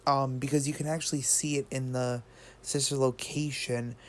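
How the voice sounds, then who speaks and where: A man's voice: medium pitch, level tone, moderate pace, slight background noise. A man talking casually about a video game theory. He rambles and thinks aloud, often restarting and adding fillers. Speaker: gaming video creator.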